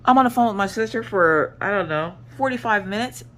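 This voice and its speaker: A woman with a drawl tells a story in a lively voice that swings up and down. She talks casually and dramatically, like a craft vlogger chatting to her viewers over her work. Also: mid-range voice, fairly quick.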